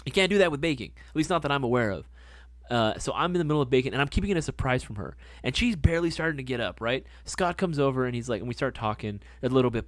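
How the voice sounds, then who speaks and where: A man hosting a livestream, chatting casually and rambling through stories with lots of swearing and excited gushing. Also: medium pitch, fast, dry recording. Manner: profane, rambling storyteller; excitable, gushing about hobbies. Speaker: livestream host.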